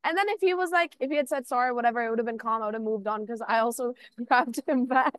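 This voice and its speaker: A young woman talks as a podcast guest in a fairly high voice, telling stories in a loose, animated way and acting out what others said. The sound is close and dry, with no room around her. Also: fast, no room sound. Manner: animated storytelling, acts out quotes, frequent "like". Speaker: artist guest. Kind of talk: casual podcast chat.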